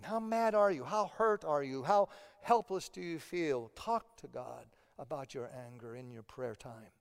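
A man's voice: high voice, expressive, measured pace, smooth. A man preaching a sermon as pastor, earnest and often repeating words as he presses a point. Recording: long hall reverb.

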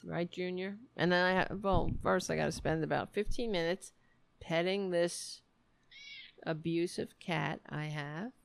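Slow gravelly woman hosting a livestream. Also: on the low side, steady tone. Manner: sarcastic, profane, tired. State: exhausted. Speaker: livestream show host. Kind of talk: casual late-night livestream chat. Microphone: desk mic at a computer.

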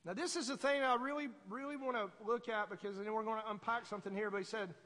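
A man preaching a sermon as pastor, conversational and animated, acting out voices in his stories. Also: sits high, quick pace, long reverb tail.

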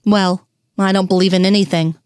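A woman reading the lines of a bitter, grieving widowed man who talks curtly and roughly. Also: mid-range voice, fairly even intonation, a little fast, darkish tone, no echo, studio quality, close to an everyday voice. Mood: defensive. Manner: curt, rough and raw.

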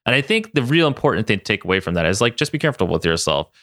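Bright, animated young man podcast host. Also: fairly low pitch, rapid-fire, no room sound, studio quality. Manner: animated, laughs often, reads listener mail aloud with voices. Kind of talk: casual chat.

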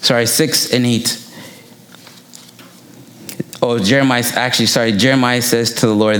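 A man's voice: medium pitch, steady tone, normal speed, a bit bright. A man preaching a sermon, telling personal stories in a conversational way and quoting himself as he goes. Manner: conversational, anecdotal, quotes himself. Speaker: preacher and missionary. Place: church. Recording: echoey church room.

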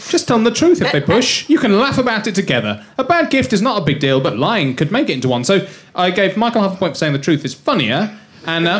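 High, lively man reading out quiz answers. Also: very noisy. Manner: hesitant, many ums and uhs. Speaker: producer scoring the quiz. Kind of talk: reading out answers on a comedy panel podcast. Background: live audience laughter.

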